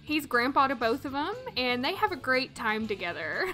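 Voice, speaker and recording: A woman's voice: high-pitched, big pitch swings, normal speed, pushed and bright, faint music behind. A woman hosting a let's play, commenting casually on her game and reacting with dramatic emotion while addressing viewers.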